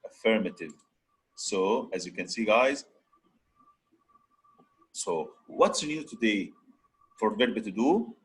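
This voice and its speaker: Husky teacher coaxing his class. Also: lowish voice, expressive, slow pace, pauses often, poor audio. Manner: mixes Arabic and English, repeatedly prodding students to answer. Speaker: English teacher. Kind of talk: classroom grammar lesson.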